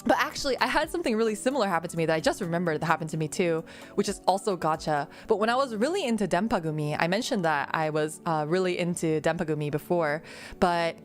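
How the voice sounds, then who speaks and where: A woman's voice: fairly low pitch, lively intonation, quick pace. Casual young female streamer, giggly, rambling delivery with fillers, light music bed. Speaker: VTuber streamer. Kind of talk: casual Q&A chat.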